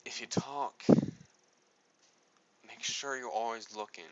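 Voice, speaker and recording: A man's voice: mid-range voice, steady tone, slow pace, fairly bright tone, muffled recording, slight background noise. A man giving a casual spoken tutorial on speaking, rambling and correcting himself as he goes. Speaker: speaking coach.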